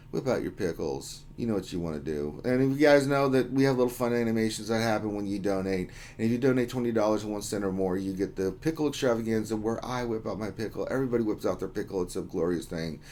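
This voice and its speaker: Male stream host, casual chat delivery, reads viewer messages with jokes. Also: mid-range voice. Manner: reads out chat names, jokey and upbeat. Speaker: livestream host.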